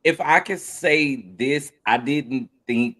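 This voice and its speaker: A man co-hosting a casual review chat, who chimes in briefly in a relaxed way. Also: a little high, slow. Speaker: co-host.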